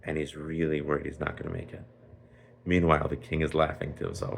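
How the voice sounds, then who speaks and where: A rabbi spins a children's tale in a lively, chatty way, sprinkling in Yiddish and Hebrew words. His voice is extremely deep with a gravelly rasp, over a faint hiss. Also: fast. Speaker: rabbi storyteller. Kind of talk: animated storytelling for children.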